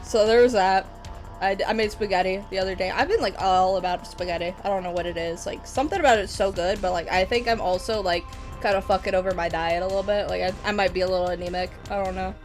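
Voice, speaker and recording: A woman streamer chatting casually, rambling with lots of laughter and swearing. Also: mid-range voice. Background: metal music.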